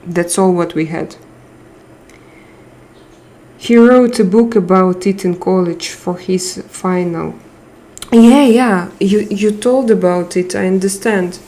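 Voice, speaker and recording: Woman live stream host, tired, unhurried speech, emotional thanks to chat. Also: medium pitch. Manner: warm, emotional, reads out chat names and thanks viewers. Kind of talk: casual live chat with viewers.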